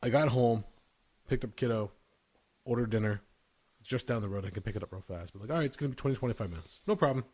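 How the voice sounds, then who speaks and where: This is a podcast host, a man in his thirties, whose mid-range voice is fast with a darkish tone. He tells casual stories, cursing freely and laughing as he goes.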